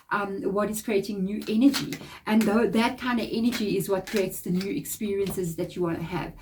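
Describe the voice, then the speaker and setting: A woman's voice: medium pitch, mellow. A woman from Africa with a blocked, nasal nose, giving a casual tarot card reading in a chatty, encouraging, rambling way. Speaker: tarot reader.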